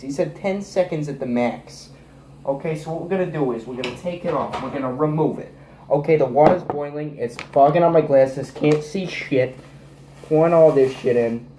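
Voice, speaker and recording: A man's voice: a little high, warm tone. A teenage boy talking casually in a rambling, profane, jokey way, recording his own vlog. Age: teens. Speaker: vlogger. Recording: echoey room with faint noise.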